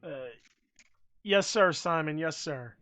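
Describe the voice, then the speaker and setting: A man's voice: a little high, takes it slowly, pushed and bright. A man co-hosting a wrestling podcast, talking bluntly in casual chat, swearing freely and restarting his sentences. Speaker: podcast co-host.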